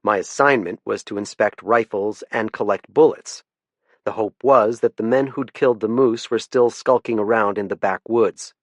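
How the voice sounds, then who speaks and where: Guy reading a crime audiobook, low voice, deadpan, dead dry studio sound. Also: normal speed, no room sound. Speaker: audiobook narrator. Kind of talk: first-person audiobook narration.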